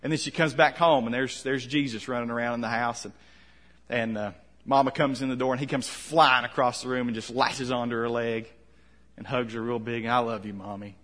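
A man preaching a conversational sermon, asking questions and letting his voice drop soft at the ends of lines. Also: mid-range voice, fairly even intonation, a little fast. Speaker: pastor.

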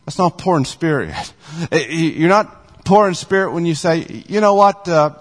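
A man preaching a sermon as pastor, earnest and repetitive, slowing down to stress the lines he quotes. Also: fairly high pitch, expressive, in a large hall.

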